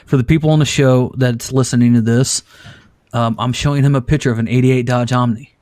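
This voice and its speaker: A male podcast host in casual chat, swearing freely and telling a lively story. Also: medium pitch, brisk, dry recording, clean studio sound. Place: at a desk, showing pictures to a guest.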